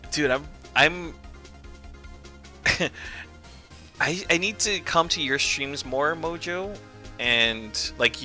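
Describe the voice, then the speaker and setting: A young man chats casually while streaming a game, rambling and joking. His pitch is lively and animated, and game music plays behind him. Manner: rambling, jokey, lots of "dude" and "like".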